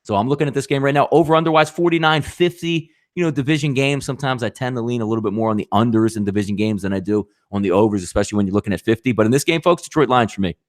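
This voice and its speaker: A man's voice: mid-range voice, very fast, hardly any pauses. A man hosting a live sports betting show, talking animatedly with rhetorical questions and addressing viewers as folks.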